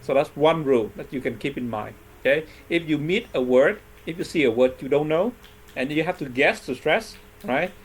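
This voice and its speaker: Patient male teacher, slightly high voice. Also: expressive, moderate pace, husky. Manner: patient, constantly checks in with "right?" and "okay?". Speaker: English teacher. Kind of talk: classroom lesson explaining word stress.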